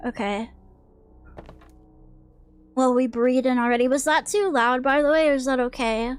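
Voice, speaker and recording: A woman's voice: high-pitched, clear, resonant tone. A woman VTuber chatting casually while playing a horror game, jumpy and swearing as she jokes with her chat. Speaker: VTuber streamer. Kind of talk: casual livestream game commentary.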